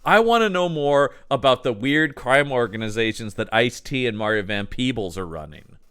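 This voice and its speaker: A man co-hosting a podcast, chatting casually about a film, animated and jokey, laughing often. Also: mid-range voice, normal speed, clear, resonant tone. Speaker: podcast co-host. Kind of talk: casual film-review chat.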